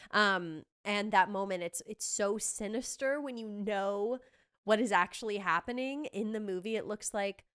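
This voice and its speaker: Gushing woman podcast host, smooth and bright. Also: mid-range voice. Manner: gushing, excitable, quick asides. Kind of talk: casual chat recapping a trailer.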